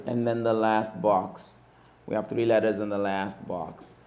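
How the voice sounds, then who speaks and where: A man teaching Arabic letters in a mosque class, calling out each letter loudly several times and then explaining it. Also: on the low side, fairly even intonation, measured pace. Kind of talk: slow letter-by-letter teaching drill.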